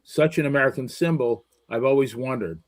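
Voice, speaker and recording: A man's voice: mid-range voice, brisk. A male co-host reading out listener questions in a casual, hesitant way, with stammers and fillers. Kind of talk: casual chat.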